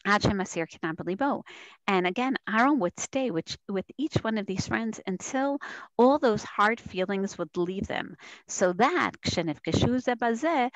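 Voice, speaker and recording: A woman's voice: medium pitch, no room sound, rough recording. A woman teaching a Torah class to students, telling stories animatedly and acting out quoted dialogue. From Israel.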